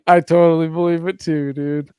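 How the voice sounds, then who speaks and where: A man's voice: on the high side, flat delivery, normal speed, warm tone, clear, resonant tone, no echo, studio quality. A man hosting a podcast in casual chat, laid-back and a little drunk, laughing and saying "dude" a lot. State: tipsy from drinking. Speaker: podcast host.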